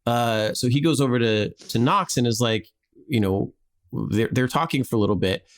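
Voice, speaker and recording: A man's voice: medium pitch, normal speed. Guy on a podcast spinning a history yarn, loose and chatty, acts out the quotes. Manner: animated, acts out quotes in a jokey voice, lots of "like". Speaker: podcast host telling a history story. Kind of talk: casual storytelling chat.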